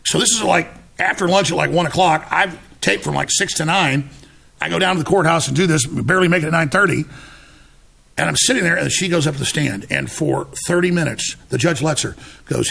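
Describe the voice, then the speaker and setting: An interview guest tells his story with real emphasis, restarting words and acting out what other people said. His voice is fairly high, animated and brisk, a bit bright and husky, with vocal fry. It's animated storytelling in conversation.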